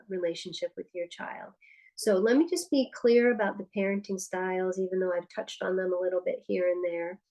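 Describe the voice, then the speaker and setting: A woman's voice: lowish voice, mellow, low-quality recording. A woman presenting a parenting workshop, talking candidly and personally with frequent restarts. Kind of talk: conversational presentation.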